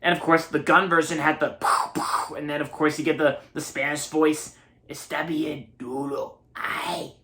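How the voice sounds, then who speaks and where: A man's voice: on the high side, flat delivery, moderate pace, a bit bright. A young man in his early twenties from Maryland, giving a rambling, casual movie review and often repeating himself. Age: early 20s.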